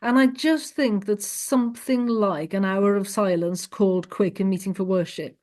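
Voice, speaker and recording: A woman hosts a podcast in a conversational interview, her voice medium in pitch with a somewhat dark tone and a normal pace. She sounds earnest, thinking aloud in long, searching sentences.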